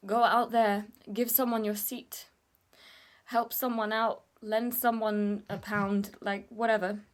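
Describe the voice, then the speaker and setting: A woman's voice: mid-range voice, little pitch movement, takes it slowly. A young woman telling a personal story to camera in a candid, emotional vlog, swearing casually and tearing up at times. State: tearful at times. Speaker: vlogger.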